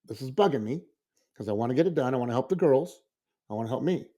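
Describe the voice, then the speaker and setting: This man, a school librarian, is a fast talker with a mid-range voice. Chatting casually on a podcast, he tells a lively story and acts out how he reacted.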